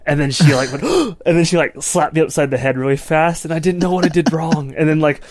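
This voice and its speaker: On a casual film review podcast, this male co-host goes on in long, rambling runs, leaning heavily on "like" and "you know." His fairly high voice barely moves in pitch, a little mellow and a touch quick. It's a dry, clean studio recording.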